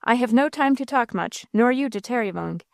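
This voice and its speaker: A woman's voice: a little high, animated, a little fast, gravelly, no room sound, clean studio sound. A woman voicing a bold, blustering male robber captain who gives orders to his gang. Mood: commanding. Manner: blustering, rousing, theatrical.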